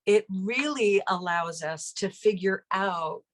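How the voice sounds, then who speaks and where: A woman hosts a relationship advice talk in a calm, explanatory way, with a mid-range voice. She speaks slowly and deliberately, and now and then acts out short example lines. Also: mid-range voice. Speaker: relationship coach, host.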